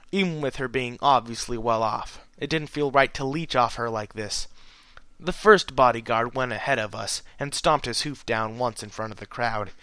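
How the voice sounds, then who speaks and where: A man reading a fan fiction audiobook aloud in the first person, with an expressive, animated delivery. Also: medium pitch, smooth, no room sound. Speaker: narrator.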